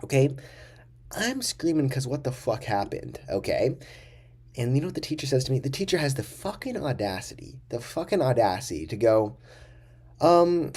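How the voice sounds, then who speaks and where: A man's voice: mid-range voice, big pitch swings, fairly quick, darkish tone, husky. A young man telling a rambling, profane story casually to camera as a vlogger.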